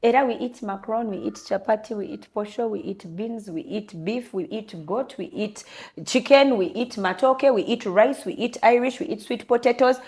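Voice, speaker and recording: A young Ugandan woman, an interview guest, telling a candid personal story in an earnest, lively way. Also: a little high, normal speed. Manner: switches between English and Luganda, lively and earnest.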